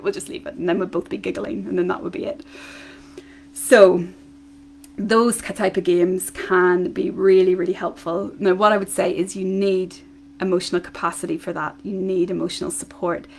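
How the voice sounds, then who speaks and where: A woman's voice: on the low side, flat delivery, normal speed, gravelly, slight background noise. A woman hosting her own parenting podcast, talking alone in a chatty way with many fillers and restarts. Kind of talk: solo podcast talk.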